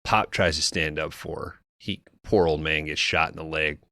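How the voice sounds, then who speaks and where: Deep, bright-toned man recapping a movie. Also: fairly even intonation, normal speed, no room sound, clean studio sound. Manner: loose, profane storytelling with quoted asides. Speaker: podcast co-host recapping a film. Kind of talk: casual movie recap chat.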